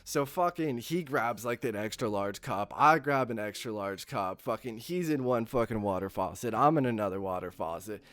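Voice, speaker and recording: A man hosting his channel, telling a casual anecdote with constant swearing and lively acting out of his own lines. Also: lowish voice, normal speed, hardly any pauses, no room sound. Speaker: channel host.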